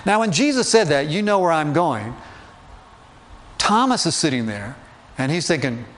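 A man's voice: a little high, animated, moderate pace, fairly bright tone. A man preaching in a conversational sermon style, asking his listeners questions and joking lightly. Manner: chatty, asks the listeners questions, light humor.

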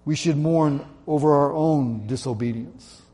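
A man preaching a sermon in an earnest way, slowing down and dropping his voice to stress key points. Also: on the high side, warm tone. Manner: earnest, slows and drops his voice for emphasis. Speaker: pastor.

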